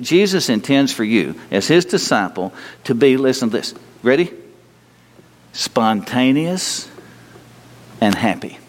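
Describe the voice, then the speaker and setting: Folksy male preacher in a reverberant hall. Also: medium pitch. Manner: folksy, humorous, restarts, rising to bursts of emphasis. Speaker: pastor. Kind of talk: sermon. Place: church sanctuary.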